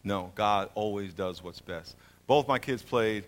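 A man teaching a Bible lesson in a lively sermon style, joking and swinging between loud and quiet. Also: a little slow. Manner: animated, jokey, swings from loud to low.

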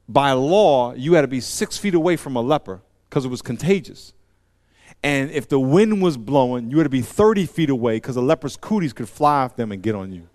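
A man with a voice on the high side preaches casually, using slang and performing different characters' voices. He alternates between quiet side remarks and forceful, loud climaxes.

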